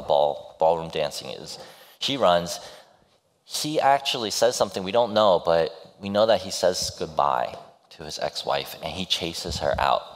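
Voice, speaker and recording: A male pastor preaching a sermon, retelling a story in a halting, storytelling way with restarts. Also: sits low, fairly bright tone, in a large hall.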